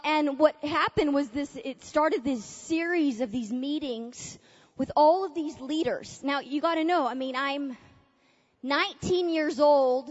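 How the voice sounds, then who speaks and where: A woman speaking at a conference, telling a personal story in an animated way and acting out her own past thoughts. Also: sits high. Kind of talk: testimony-style talk to a conference audience. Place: large conference hall. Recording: dull lo-fi capture in a large reverberant hall.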